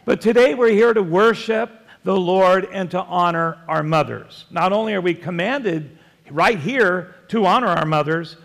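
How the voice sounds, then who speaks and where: A man's voice: sits high, vocal fry, in a large hall. An older man preaching a sermon as pastor, a folksy storyteller who works jokes into his message. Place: church sanctuary.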